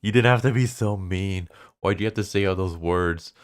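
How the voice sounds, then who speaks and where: A man's voice: extremely low pitch, moderate pace, clean tone, no room sound, studio quality. A man doing a whiny, cowardly teen exorcist. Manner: whiny, self-pitying. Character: timid teen boy exorcist, cowardly, weepy.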